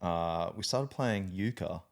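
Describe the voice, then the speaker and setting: A man's voice: sits low, slow pace, creaky. An Australian man and army veteran telling a story in casual podcast chat, profane and laughing often.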